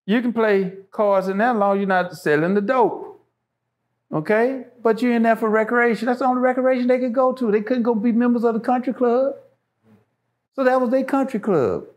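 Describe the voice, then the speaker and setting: A man's voice: very high-pitched, a little fast, a little mellow. A man, a show guest, talking passionately and emphatically, repeating phrases to drive his points home. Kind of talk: impassioned casual talk.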